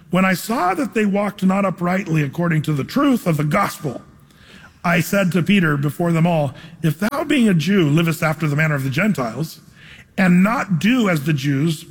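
A man preaching a sermon as pastor, talking conversationally and emphatically, with lively acted asides. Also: high voice, husky. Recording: hall reverb.

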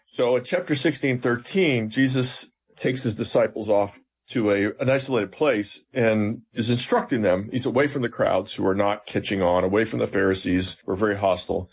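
A man's voice: lowish voice, moderate pace, slightly rough. An older man, a seminary professor, explaining a Bible passage in an earnest conversational interview. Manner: earnest, animated when retelling scripture.

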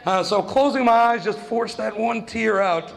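A man's voice: high-pitched, normal speed, vocal fry. A young man doing stand-up, telling a story in a conversational, self-mocking way with lots of fillers, on a comedy club stage. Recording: long hall reverb, faint noise.

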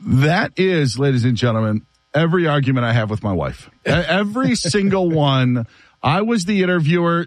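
A man hosting a sports talk show on the radio, with a lively voice that rises and falls a lot. He tells stories casually and breaks into laughter. The sound is dry and close to the mic. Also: a little high, normal speed, no room sound. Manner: animated, laughing storyteller.

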